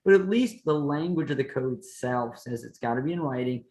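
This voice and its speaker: A man's voice: fairly high pitch, fairly quick, hardly any pauses, reverberant, poor audio. A man who teaches law, explaining contract rules in a plain-spoken way with playful hypotheticals. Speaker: law professor and podcast host. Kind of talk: explanatory lecture chat.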